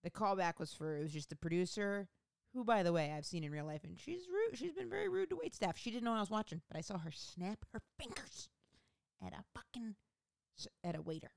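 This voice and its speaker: A woman's voice: on the low side, fairly quick, clear, resonant tone, no echo, studio quality. A woman comedian telling a rambling, profane story about her own life in a casual, self-mocking way.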